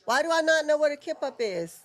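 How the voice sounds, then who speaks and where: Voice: sits high, lively intonation, a bit bright. Chatty co-host of a wrestling stream. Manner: chatty, quick reactions, asks questions. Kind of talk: casual live-stream chat.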